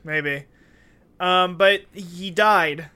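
A man with a bright, smooth, slightly high voice co-hosts a comedy podcast. He spins a silly improvised tale, laughing often and slipping into goofy voices. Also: very slow. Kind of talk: absurd improvised comedy bit.

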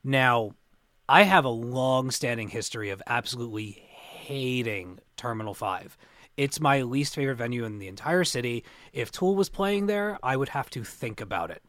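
A man's voice: medium pitch, lively intonation, moderate pace, a bit bright, dry recording, studio quality. A young adult man co-hosting a podcast, rambling through convention stories with many restarts. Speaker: podcast co-host. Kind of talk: casual podcast chat.

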